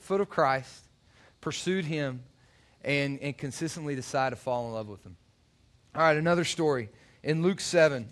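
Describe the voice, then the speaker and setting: A man preaching a sermon, telling personal stories in a loose, conversational way with many restarts. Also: a little high. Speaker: youth pastor.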